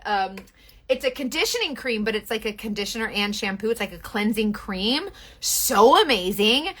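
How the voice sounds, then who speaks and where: A young woman, chatting casually through a live-stream makeup tutorial, gushing over products and quickly apologizing for her own bluntness. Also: a little high, pushed and bright. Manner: chatty, gushing, quick self-deprecating asides.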